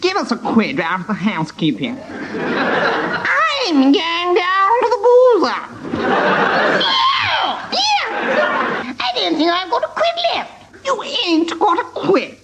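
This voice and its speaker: A man's voice: huge pitch swings, very slow, pauses often, roomy sound, distant mic, full character voice. A man voicing a grumpy, rude old working-class husband in a comic radio sketch. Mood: bickering. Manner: blustering and rude, put on very high. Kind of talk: comic sketch reading on a radio panel game. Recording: noisy old radio broadcast with loud audience.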